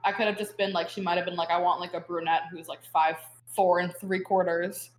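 With a fairly low, level voice and a slightly quick pace, a young adult woman chats as a guest student, telling a rambling story studded with fillers and laughter. The audio is poor and the room echoes.

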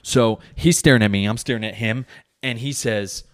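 A man's voice: medium pitch, normal speed. A comedian and podcast host, a father, telling a rambling story in casual, profane, self-correcting chat.

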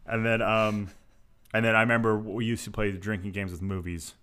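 A man's voice: lowish voice, level tone, a little fast, fairly bright tone, smooth. A man co-hosting a podcast in casual chat, swearing freely and laughing as he talks. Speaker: podcast co-host.

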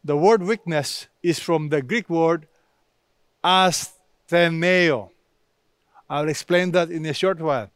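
A man's voice: high-pitched, takes it slowly, fairly bright tone, smooth, no room sound, clean studio sound. A man preaching a sermon, stressing key words by repeating them.

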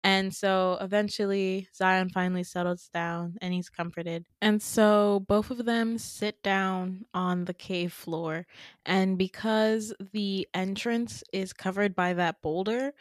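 A woman's voice: medium pitch, fairly even intonation, slow, no room sound, studio quality. A woman hosting a podcast, retelling a dream in a chatty, casual way with lots of fillers. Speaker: podcast host.

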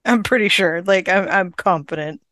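A woman's voice: medium pitch, normal speed, fairly bright tone, dry recording. A woman on a podcast, adding wry, teasing comments while talking over a movie. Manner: wry, teasing short remarks. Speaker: podcast co-host. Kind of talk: casual movie recap chat.

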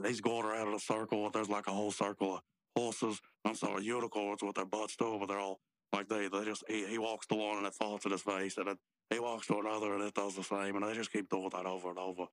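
A man's voice: fairly low pitch, no room sound. A man co-hosting a podcast, retelling a cartoon episode in loose, rambling storytelling full of asides. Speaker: podcast co-host. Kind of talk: casual chat recapping a cartoon.

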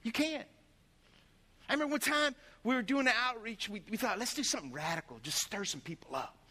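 A pastor preaching a sermon, telling stories in an animated way and acting out the voices of the people in them. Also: male voice, sits high, big-room sound.

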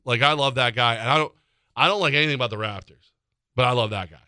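A man's voice: medium pitch, fast talker, pushed and bright, dry recording. A man co-hosting sports talk radio, joking and sarcastic in banter on a studio microphone. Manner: joking, sarcastic, laughs along.

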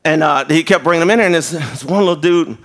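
A man preaching a sermon, telling stories with shouted quotes. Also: fairly high pitch, fast. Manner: animated storytelling with shouted quotes. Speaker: pastor.

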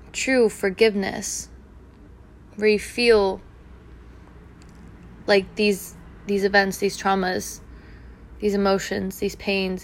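A woman speaking in an earnest, reflective monologue about healing, repeating gentle affirmations. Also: medium pitch. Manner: soft, earnest, repetitive affirmations. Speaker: spiritual speaker.

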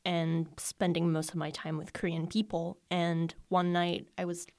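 Woman with an American accent, lowish voice. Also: a little slow, no echo, studio quality. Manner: relaxed, laughs easily, lively storytelling. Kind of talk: casual conversation.

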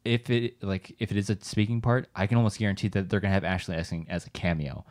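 A man with a fairly low voice hosts a casual streamed chat. He rambles excitedly, piling up fillers and restarts as he talks. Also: quick pace. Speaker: podcast co-host.

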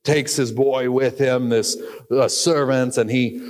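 A pastor preaching a sermon, telling the story earnestly and asking questions of the congregation. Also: male voice, medium pitch, fairly even intonation, takes it slowly, darkish tone. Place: church sanctuary. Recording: reverberant church hall.

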